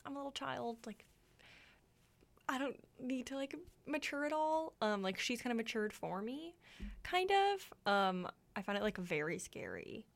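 Pitched fairly high with big swings, this young woman's creaky voice moves at an unhurried pace. As a radio co-host she keeps things chatty, full of fillers like "like" and plenty of giggles.

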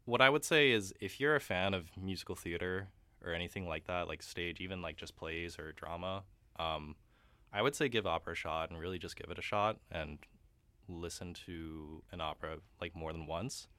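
Young male guest, very low pitch, forceful bright tone, dry close sound; chatty, quick to laugh. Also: no echo. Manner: chatty, laughs often, many fillers. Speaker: guest opera singer. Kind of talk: casual radio interview.

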